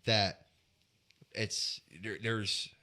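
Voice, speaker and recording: A man's voice: on the low side, flat delivery, extremely slow, sharp tone. A man co-hosting a casual podcast, explaining at length and restarting his sentences. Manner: rambling, restarts while explaining. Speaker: podcast co-host. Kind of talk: casual chat.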